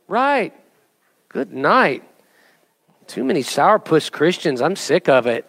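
Animated high-voiced male pastor preaching. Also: takes it slowly, long pauses, husky, no room sound. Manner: animated, jokey, rising to emphatic exhortation. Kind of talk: sermon with object lesson.

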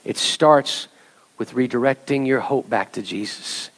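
A man's voice: medium pitch, unhurried, a bit bright. A male pastor preaching an earnest sermon and leading his congregation in song.

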